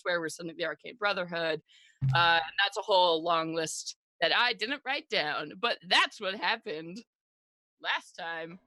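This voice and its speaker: A woman's voice: on the low side, sharp tone, dry recording, poor audio. A woman casually recapping the last session of a tabletop game as a player, rambling and giggly, full of "like" and "uh".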